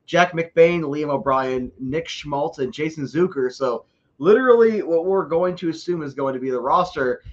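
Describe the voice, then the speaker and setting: Brief: male co-host, somewhat high voice, chatty, stammery restarts, dull lo-fi sound. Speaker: podcast co-host. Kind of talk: casual sports podcast chat.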